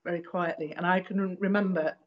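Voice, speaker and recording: A woman being interviewed, recalling past events in a hesitant, casual way with many pauses and restarts. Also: on the low side, fairly even intonation, muffled recording.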